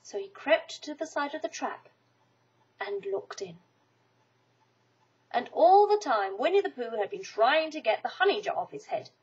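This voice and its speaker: Storybook reader, woman, breathy husky voice, animated swooping delivery. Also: on the high side, moderate pace, long pauses. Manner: expressive, animated read-aloud. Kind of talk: storybook reading. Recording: dull lo-fi recording.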